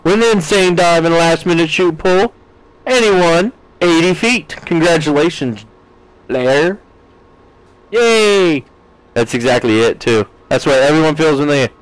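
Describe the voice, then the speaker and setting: A man's voice: fairly high pitch, moderate pace, no echo, low-quality recording. A man from the United States in his thirties, streaming a game live and chatting with his viewers, reading their messages aloud with playful jokes.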